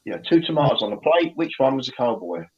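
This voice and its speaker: Husky man joking on a lo-fi call. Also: medium pitch, big pitch swings, fast talker. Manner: joking, playful banter. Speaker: panel guest. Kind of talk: casual chat on a live video call.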